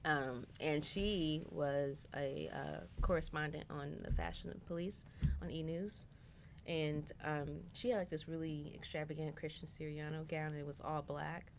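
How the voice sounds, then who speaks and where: A woman's voice: low-pitched, steady tone, a little slow, creaky, slight background noise. A woman who works as a makeup artist, chatting casually with many fillers about her work. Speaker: makeup artist, podcast guest. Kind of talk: casual chat.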